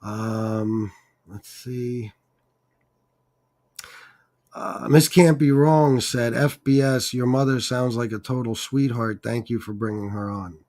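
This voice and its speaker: A man's voice: mid-range voice, slow, darkish tone. A man hosting a casual chat with his mother, reading viewer comments aloud in a profane, hesitant way and getting choked up. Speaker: channel host.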